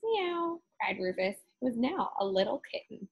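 A woman teacher reading a Halloween picture book aloud to children with expressive storytelling. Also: medium pitch, moderate pace, vocal fry, breathy edge, lo-fi sound.

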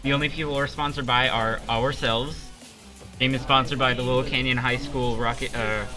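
A teenage boy co-commentating a school esports match with dry, teasing banter and halting restarts. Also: mid-range voice, fairly even intonation, bright, forceful tone, soft background music. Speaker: student co-commentator.

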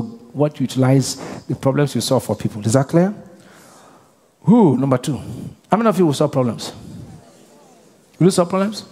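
A male pastor with a high voice preaches to his congregation. He leaves questions hanging for the crowd to answer. His voice rings out through the long reverb of a large church hall. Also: a little mellow. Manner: call-and-response preaching, asks the congregation to finish his sentences. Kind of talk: sermon.

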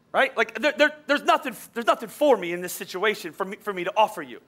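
A pastor preaching a sermon, swinging between loud, fervent preaching and quiet, joking asides, often repeating words as he goes. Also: high voice, fast, hardly any pauses. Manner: repeats words, stumbles and restarts.

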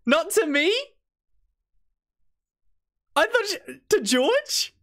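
Excitable man streaming a game. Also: very high voice, very slow. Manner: excitable, animated, laughs often. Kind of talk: live gameplay commentary.

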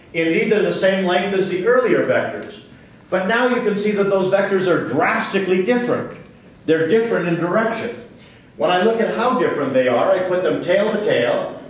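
A man's voice: on the high side, recorded from a distance. Man lecturing in a very echoey hall. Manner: asks the class questions, then answers them. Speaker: physics lecturer. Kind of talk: classroom lecture.

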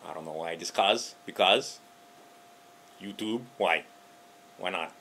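A man's voice: low voice, slow pace, sharp tone. A man with a Hawaiian Pidgin accent, ranting casually to camera about politics, joking and swearing freely. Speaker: political vlogger.

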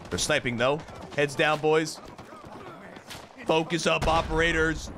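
Excitable man commentating gameplay over gunfire. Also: on the high side, takes it slowly, long pauses, a little hiss or hum. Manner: excitable, swearing, jokey, big swings between yelling and mumbling. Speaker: gaming YouTuber. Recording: game gunfire and explosions behind the voice.

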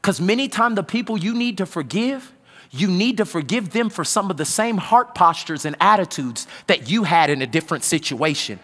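A man preaching a sermon as pastor, swinging from loud outbursts to hushed low passages. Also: lively intonation, moderate pace, long reverb tail. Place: large church hall.

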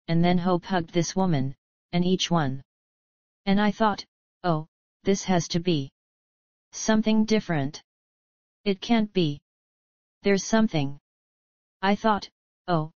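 A man preaching a sermon, earnestly retelling a vision with halting repetitions and acted-out quotes. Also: high-pitched, clean tone, dry recording. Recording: dull lo-fi archival sermon tape.

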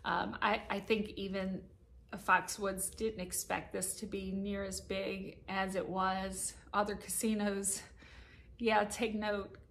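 A woman's voice: medium pitch, little pitch movement, takes it slowly, a bit bright, slight background noise. Emotional middle-aged woman vlogging, faint ambience. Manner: emotional, laughing through tears, rambling restarts. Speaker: casino slot vlogger. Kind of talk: casual heartfelt vlog talk to viewers. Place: hotel room upstairs at a casino.

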